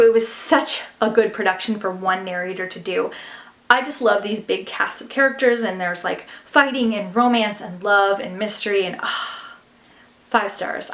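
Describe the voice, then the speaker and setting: A woman's voice: medium pitch, normal speed, fairly bright tone. A young woman chatting casually about books she listened to, gushing and full of fillers. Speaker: book vlogger. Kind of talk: casual book review chat. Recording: roomy echo.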